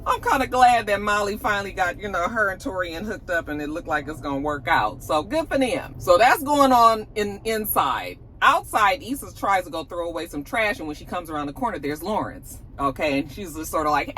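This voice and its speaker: A woman's voice: mid-range voice, brisk, slight background noise. A woman, casually recapping a TV episode for her channel and acting out the characters' lines as she goes. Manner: animated storytelling, acts out characters' lines. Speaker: TV review vlogger. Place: at work on lunch break.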